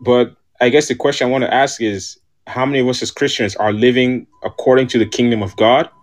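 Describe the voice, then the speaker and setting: A man's voice: medium pitch, fairly even intonation, fairly quick. A man co-hosting a faith podcast, talking casually and repeating words as he works out his thought. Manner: searching, repeats words while thinking. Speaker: podcast co-host.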